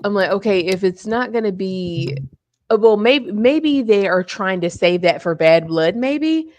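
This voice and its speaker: A woman's voice: medium pitch, expressive, measured pace, a little mellow, faint music behind. A woman co-hosting a podcast, chatting casually and agreeably, easily amused. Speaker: podcast co-host. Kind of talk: casual wrestling predictions chat.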